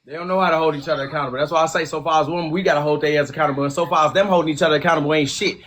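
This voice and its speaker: A man's voice: a little high, fairly even intonation, racing, a bit bright. A man hosting a podcast, ranting in a profane, aggressive and scornful way. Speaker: podcast host. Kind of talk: heated opinion rant.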